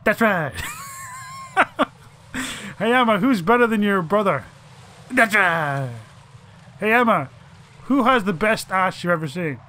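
A man's voice: high voice, lively intonation, slow, long pauses, pushed and bright, slight background noise. A man doing let's play commentary, swearing and mock-dramatically teasing the game's characters.

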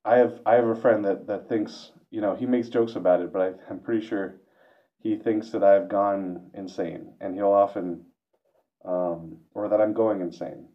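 A man's voice: lowish voice, steady tone, normal speed. A man vlogging a reflective monologue, hesitant and self-questioning, with frequent restarts. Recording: dull lo-fi recording.

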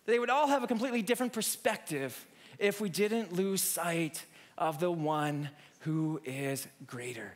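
A man preaching a sermon, telling a childhood story in an animated way with many restarts. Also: high-pitched, measured pace.

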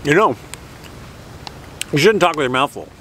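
Man, slightly higher voice, chatty and rambling, outdoor food review on camera mic, clear traffic noise behind. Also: animated, normal speed, fairly bright tone, poor audio. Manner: rambling, chatty, jokey asides. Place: outdoors by the water, sitting near a road.

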